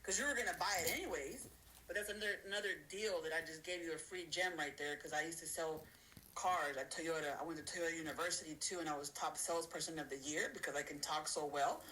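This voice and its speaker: A woman's voice: sits low, fast, pushed and bright, slight background noise, low-quality recording. A woman giving motivational advice in a folksy, streetwise way, often acting out the people she talks about. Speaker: guest speaker. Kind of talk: motivational talk on a live stream.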